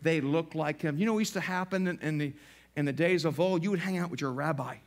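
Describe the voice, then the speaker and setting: A middle-aged man pastor preaching a sermon in a church, animated and acting out little voices as he talks. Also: a little high, fast talker. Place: church sanctuary.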